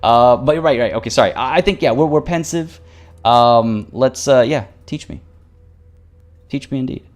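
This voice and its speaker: A man's voice: mid-range voice, moderate pace. A man streaming a strategy game, chatting playfully with his viewers, reading event text aloud, joking and often stumbling over and repeating his words. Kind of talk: live-stream gameplay commentary.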